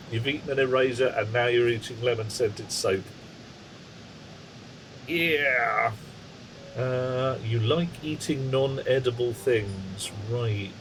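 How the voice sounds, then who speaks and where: A man's voice: mid-range voice, a little hiss or hum. A man streaming a game live, rambling through wry, chatty asides to his viewers. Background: game music.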